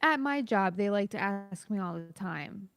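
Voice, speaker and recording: A woman's voice: medium pitch, lively intonation, a little slow. A woman in a casual podcast chat, sarcastic and mock-exasperated. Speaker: podcast co-host.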